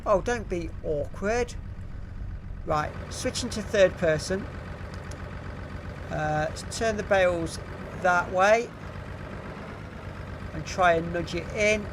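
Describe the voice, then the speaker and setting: A man's voice: high-pitched, slow pace, pauses often, background noise. Chatty English man streaming a game. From England. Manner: chatty, reads out viewer comments, frequent ums and uhs. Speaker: live-streaming gamer. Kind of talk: casual live-stream chat.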